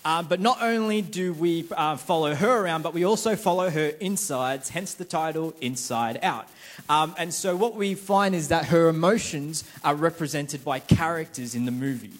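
A young man giving a casual, joking sermon to a church congregation and quizzing the crowd. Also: a little high. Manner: chatty, self-mocking, quizzes the crowd. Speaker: preacher. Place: church service before a congregation.

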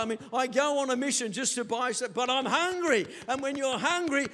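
A man's voice: extremely high pitch, normal speed, hardly any pauses. An older man preaching a sermon as pastor, telling stories animatedly and acting out quotes. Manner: animated storytelling with acted quotes.

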